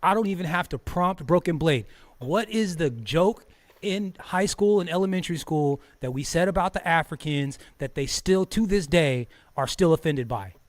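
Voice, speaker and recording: A man's voice: a little high, lively intonation, normal speed. A man hosting a streamed talk show, speaking casually and profanely, getting heated, laughing often and stumbling over repeated words. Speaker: podcast host.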